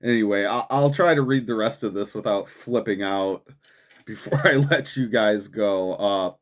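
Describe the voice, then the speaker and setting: A man's voice: on the low side, normal speed. A man hosting an online commentary show, talking in an agitated, profane rant full of stumbling restarts. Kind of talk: heated political commentary.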